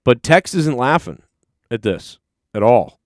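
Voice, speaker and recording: A man's voice: medium pitch, sing-song, measured pace, no echo, studio quality. A man hosting a live stream, recapping a clip in a rambling, profane, casual way. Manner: rambling, profane, talks over replayed clips. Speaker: stream host.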